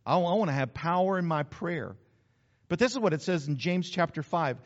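A middle-aged preacher with a notably high voice delivers a chatty sermon, turning to his listeners and circling back to the same lines. His voice rings out in a large hall with a long tail of reverb. The recording is dull and muffled. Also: animated, normal speed. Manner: conversational, addresses the congregation directly, repeats phrases.

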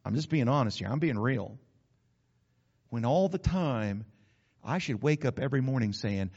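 A man's voice: mid-range voice, animated, normal speed, long pauses, a little mellow, slightly rough, lo-fi sound. A man preaching a sermon, folksy and conversational, slipping into acted asides. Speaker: pastor.

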